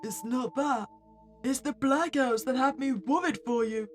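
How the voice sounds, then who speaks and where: A woman voicing a calm, quietly controlling male psychiatrist obsessed with his patient, reading a horror visual novel aloud. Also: high-pitched, a little slow, faint music behind. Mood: soothing.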